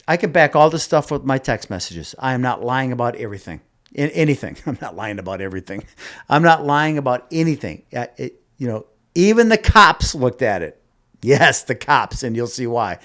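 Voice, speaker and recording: Middle-aged guy rambling thru a story on his podcast, lots of restarts, gets worked up. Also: medium pitch. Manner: rambling, many restarts and asides, animated when upset. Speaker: podcast host. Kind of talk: casual storytelling monologue.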